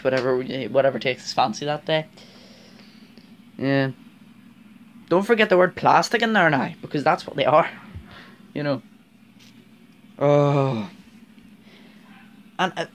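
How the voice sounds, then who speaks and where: A man's voice: medium pitch, a little hiss or hum. A man with a Northern Irish accent chatting casually to camera about his model railway, rambling with lots of fillers and frequent laughs. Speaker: vlogger, model railway fan.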